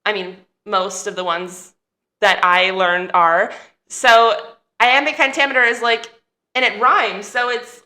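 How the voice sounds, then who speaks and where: A woman's voice: mid-range voice, normal speed, bright, forceful tone. A woman actor chatting in a casual interview, bubbly and full of fillers. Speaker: actor guest.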